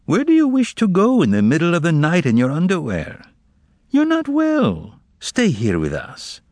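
A man's voice: a little high, wildly swooping pitch, moderate pace, darkish tone, no room sound, studio quality, voice pushed up. A man voicing a weary male asylum doctor who speaks listlessly and clinically. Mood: calm clinical.

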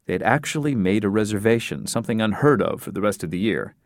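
A man narrating an audiobook in an even, measured storytelling manner. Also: lowish voice, vocal fry, no room sound, clean studio sound. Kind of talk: scripted narration.

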